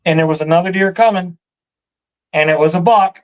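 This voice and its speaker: A man with a Michigan accent telling a hunting story in a relaxed chat, animated and laughing often. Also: sits high, brisk, low-quality recording. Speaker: guest storyteller. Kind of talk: casual storytelling.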